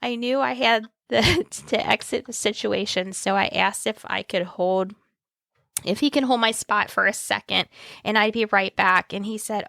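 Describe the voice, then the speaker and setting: A woman's voice: mid-range voice, normal speed, vocal fry, sharp tone, no room sound. A woman co-hosting a podcast, reading listener posts aloud and chatting casually. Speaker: podcast co-host.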